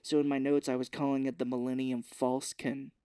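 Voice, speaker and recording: Casual male podcast co-host, mid-pitched, dry close mic, animated recap with quoted voices. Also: brisk, clear, resonant tone, no room sound. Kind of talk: casual movie recap chat.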